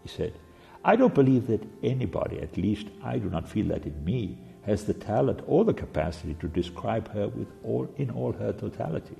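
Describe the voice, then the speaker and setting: A man giving a devotional sermon, halting and full of fillers and restarts. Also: on the low side, expressive, creaky, dark tone. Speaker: preacher. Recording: long reverb with faint music.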